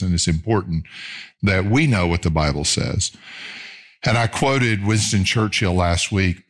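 Earnest and deliberate, a deep-voiced middle-aged pastor preaches, pulling back his speed to emphasize important phrases.

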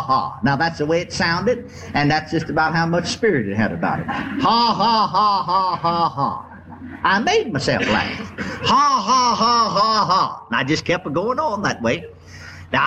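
An older man preaching a sermon to a congregation, telling a story in a folksy, repetitive way with drawn-out emphasis. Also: fairly high pitch, pushed and bright, dull audio, a little hiss or hum. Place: church before a congregation.

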